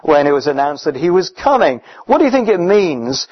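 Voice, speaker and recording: A man preaching a sermon in a conversational, emphatic way, often pausing with fillers. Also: on the high side, big pitch swings, husky. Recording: dull, muffled recording.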